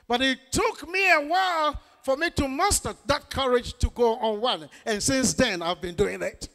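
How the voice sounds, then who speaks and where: A male pastor preaching an emphatic sermon, often shouting and drawing call-and-response from the congregation. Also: extremely high pitch, normal speed.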